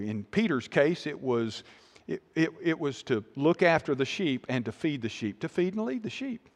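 A man with a high voice preaching earnestly from the pulpit. He hammers his points home with repeated phrases and quick restarts, sometimes dropping low and soft. His voice rings out with a long hall reverb behind it. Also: big pitch swings. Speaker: pastor. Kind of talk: sermon.

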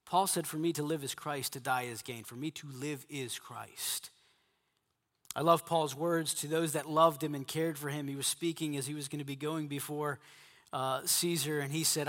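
A man's voice: fairly high pitch, moderate pace, a bit bright, in a large hall. A middle-aged male pastor preaching emphatically to men, repeating his key phrases. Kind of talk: sermon to a men's gathering.

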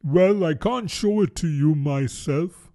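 A man voicing a sorrowful, self-pitying male Mock Turtle in a storybook reading, talking slowly and mournfully. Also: on the high side, mellow, voice pushed up. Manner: slow, mournful, sighing.

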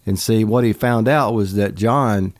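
A man in a casual talk retells a story in a low, steady voice. His earnest tone keeps turning it into a lesson about faith. The sound is dry and close, with no room around it. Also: measured pace, no echo. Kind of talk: casual church podcast chat.

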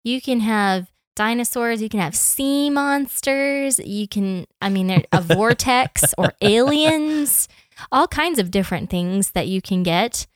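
A woman's voice: a little high, expressive, measured pace, hardly any pauses, dry recording, clean studio sound. A young woman co-hosting a podcast, chatting in an enthusiastic, playful way. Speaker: podcast co-host. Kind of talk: casual chat.

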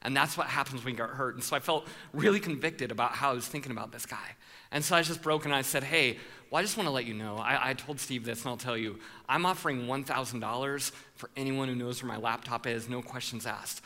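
A man preaching a sermon, telling a story with animated voices for the people in it and calling out to the congregation. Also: medium pitch, quick pace, in a large hall. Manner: playful with the congregation, calls for responses. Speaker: pastor.

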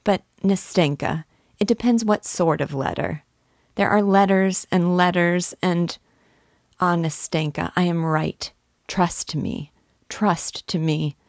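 An eager, timid young man coaxes and insists, as a woman reads his part. The voice is low and gravelly, and the close, dry sound carries every word. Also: slow, no room sound. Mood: urging.

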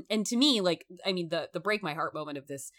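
A woman talking through a film in a casual, emphatic discussion, animated and swearing freely. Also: on the low side, a little fast.

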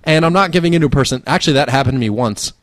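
A man co-hosting a podcast, telling work stories in an animated way, swearing freely and laughing mid-sentence. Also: medium pitch, rapid-fire, no echo, clean studio sound. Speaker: podcast co-host. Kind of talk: casual storytelling chat.

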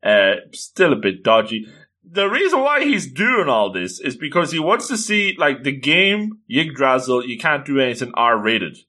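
Animated man with chuckling asides. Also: mid-range voice, measured pace. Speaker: manga reviewer. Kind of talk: casual manga read-through commentary.

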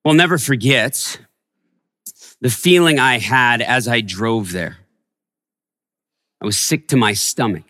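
A man preaching a sermon as a pastor, telling a personal story and growing hushed in its tender parts. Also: medium pitch, slow, pauses often, long reverb tail. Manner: storytelling, softening to a hush in tender moments. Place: church sanctuary.

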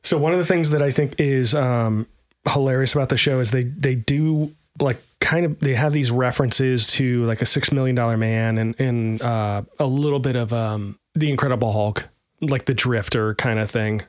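A man's voice: mid-range voice, steady tone, normal speed, no room sound, studio quality. A man co-hosting a casual podcast, talking in a rambling, self-deprecating way with lots of fillers. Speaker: podcast co-host. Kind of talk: casual chat.

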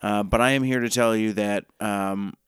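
A man's voice: fairly low pitch, steady tone, moderate pace, clear, resonant tone, dry recording, studio quality. A man co-hosting a podcast in casual, jokey chat, rambling through long lists. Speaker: podcast co-host.

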